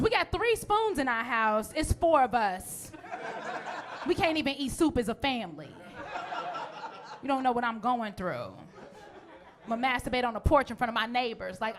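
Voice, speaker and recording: A woman's voice: on the high side, lively intonation, measured pace, long pauses. A woman in her forties performing a brash, profane stand-up comedy routine with a punchy delivery. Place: comedy stage.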